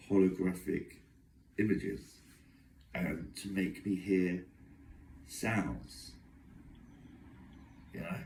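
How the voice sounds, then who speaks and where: Far from the mic in an echoey room, with a little hiss or hum, a young man speaks to camera in a low, slightly mellow voice. His long monologue is agitated and aggrieved, running on from one complaint to the next.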